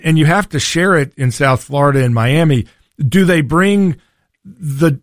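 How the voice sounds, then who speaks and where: A man's voice: a little high, no echo, studio quality. A man hosting a political talk radio show, folksy and combative in his delivery. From Tennessee.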